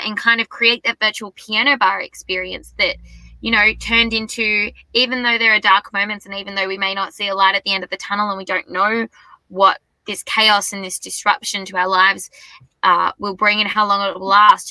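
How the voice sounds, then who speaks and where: A young woman talks excitedly in a casual interview. Her voice is very bright and tense in tone, and the recording is dry with almost no room sound. She gushes and piles on enthusiasm. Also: mid-range voice, no echo, rough recording. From Australia. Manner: bubbly, effusive, gushing. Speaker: singer-songwriter guest.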